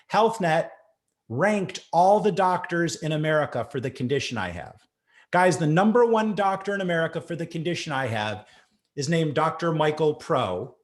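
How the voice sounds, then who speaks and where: A middle-aged man giving a keynote talk to an audience, telling a personal story and acting out the voices in it. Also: a little high. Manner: animated, acts out voices in stories. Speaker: keynote speaker.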